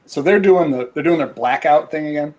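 A man's voice: a little high, brisk, darkish tone. A man co-hosting a casual chat, chiming in with jokes.

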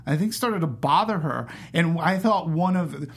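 A man with a husky, slightly raspy voice talks about a film in a casual panel chat. He is animated and keeps stopping to act out characters' lines, restarting his sentences as he goes. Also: a little high, moderate pace. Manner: animated, acts out quoted lines with fillers and restarts.

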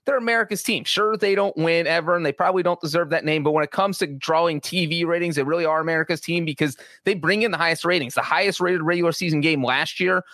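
A man's voice: on the high side, fast talker, few pauses, bright, forceful tone, no echo. A man co-hosting a sports podcast, talking through his views in a chatty way with frequent restarts. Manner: chatty, many restarts and asides. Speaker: sports writer and podcast co-host. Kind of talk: casual podcast analysis.

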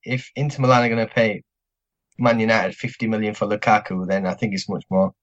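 Man panelist, casual film talk, relaxed, dry remarks, muffled lo-fi sound. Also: lowish voice, brisk.

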